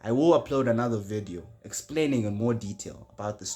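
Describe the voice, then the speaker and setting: A young man giving a casual spoken tutorial on public speaking, shifting his pitch and loudness for emphasis. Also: a little fast.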